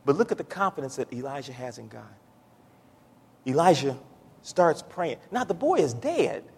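A man preaching a sermon in a church, building from low, drawn-out talk to shouted, pleading prayer. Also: very animated, gravelly, breathy edge. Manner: Southern-style preaching cadence, says y'all. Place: church sanctuary. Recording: echoey church hall.

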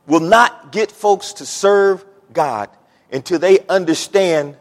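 A man preaching a sermon as pastor in a church, building from quiet asides to emphatic peaks and repeating words as he goes. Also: high voice, slow. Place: church sanctuary. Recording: long church reverb.

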